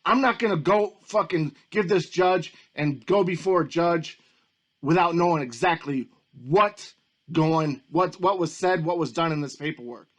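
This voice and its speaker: A man with a rather high voice, delivering a heated, profanity-laced rant. He talks in agitated bursts, restarting and repeating himself as he builds his case. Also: measured pace, a bit bright. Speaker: YouTube commentator. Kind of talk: angry ranting commentary.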